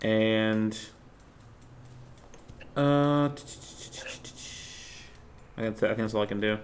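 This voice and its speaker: Slow, hesitant male tabletop player. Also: on the low side, fairly even intonation, a little hiss or hum. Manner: hesitant, many fillers, laughs between phrases. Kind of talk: playing a tabletop game.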